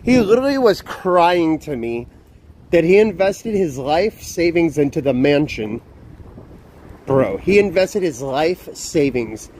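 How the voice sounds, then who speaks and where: A man's voice: fairly high pitch, big pitch swings, a little slow, a little mellow, slight background noise. A young man live streaming outdoors, ranting in a profane, exasperated, repetitive way. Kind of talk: casual live stream talk.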